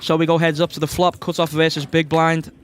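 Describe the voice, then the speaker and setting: A man with a Scouse accent giving live poker commentary on a stream, excitable and quick to shout when big cards fall. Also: on the high side.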